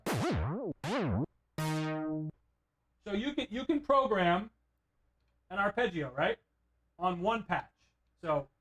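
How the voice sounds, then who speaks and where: A middle-aged man streaming live, chatting casually about synths; he rambles, gets excited and keeps apologizing. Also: high-pitched, slow, long pauses, dry recording. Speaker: synth livestreamer. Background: faint synth music.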